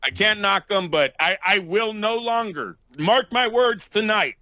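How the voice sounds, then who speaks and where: A man's voice: high-pitched, animated, a little slow, bright, forceful tone, no echo. A man co-hosting a boxing podcast, giving blunt opinions and repeating words in casual chat. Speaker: podcast co-host.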